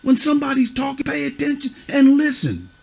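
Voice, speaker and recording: A man's voice: very high-pitched, sing-song, fairly quick, gravelly, a little mellow. A middle-aged man acting as a youth mentor, lecturing children sternly and bluntly, cursing and pressing them with repeated questions. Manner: scolding, repeats "huh?" and "you see what I'm saying"; blunt, curses.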